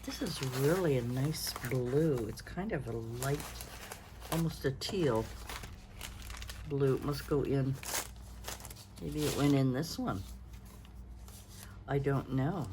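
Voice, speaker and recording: A little hiss or hum runs under this low-pitched, slightly mellow voice. She's a Canadian woman in her sixties doing a casual craft show-and-tell, rambling and thinking aloud as she yawns with tiredness.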